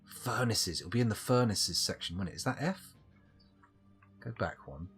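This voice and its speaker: A man's voice: lowish voice, animated, normal speed, fairly bright tone, faint music behind. A man rambling through live gameplay commentary, talking to himself with self-mocking asides. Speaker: game streamer.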